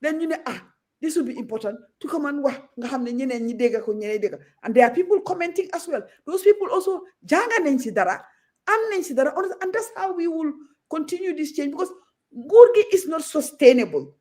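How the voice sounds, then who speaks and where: Outspoken Gambian woman, high lively voice. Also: brisk. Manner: outspoken, switches freely between Wolof and English. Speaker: guest. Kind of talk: passionate talk show discussion.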